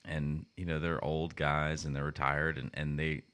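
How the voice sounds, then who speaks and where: A man's voice: a bass voice, level tone, moderate pace, a bit bright, clear, resonant tone. A man co-hosting a podcast in casual chat, rambling with frequent restarts. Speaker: podcast co-host.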